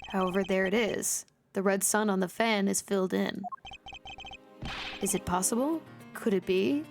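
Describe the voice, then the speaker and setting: A woman voicing a serious, formal male prosecutor in a measured, grave way, dropping below her usual voice. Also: mid-range voice, vocal fry, soft background music, pitched below the performer's own voice, lightly acted.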